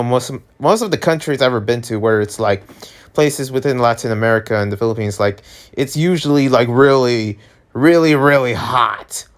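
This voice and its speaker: A man's voice: mid-range voice, clean tone. A young man talking casually in a rambling, filler-heavy vlog monologue. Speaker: vlogger.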